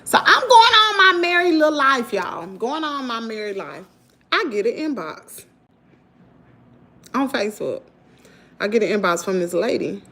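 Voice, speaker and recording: A middle-aged woman with a Southern US accent, telling a story to her viewers in an animated, chatty way. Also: on the high side, moderate pace, pauses often. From Mississippi, US. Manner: animated, talks to viewers as "y'all". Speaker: vlogger. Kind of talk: casual storytelling.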